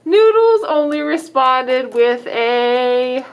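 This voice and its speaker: A woman reading a picture book aloud to young children, her voice sitting high and leaping all over the place as she plays up the drama. She takes her time, lingering on words. Every few pages she turns to the listeners with a question. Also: extremely slow, dull audio. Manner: expressive, dramatic exclamations, asks children questions. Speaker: children's librarian.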